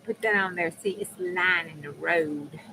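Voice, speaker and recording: Slow, bright-voiced woman. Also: fairly low pitch, slight background noise, poor audio. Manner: chatty, folksy, bursts into excited laughter. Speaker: crafting livestream host. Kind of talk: casual live-stream chat while crafting.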